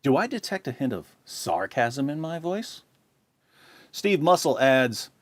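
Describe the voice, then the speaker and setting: Middle-aged male host, sarcastic and combative, lively pitch, dry close sound. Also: measured pace, no echo. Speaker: channel host. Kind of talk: commentary reading viewer comments.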